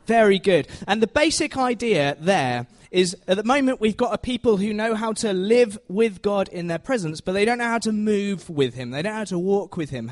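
A man giving a chatty, self-deprecating Bible teaching in a church, often asking the audience questions. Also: high-pitched. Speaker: preacher.

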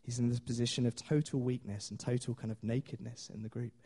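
A man's voice: mid-range voice, steady tone, fast talker, mellow, breathy edge. Chatty male preacher telling a story. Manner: chatty storytelling with fillers and laughs. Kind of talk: sermon.

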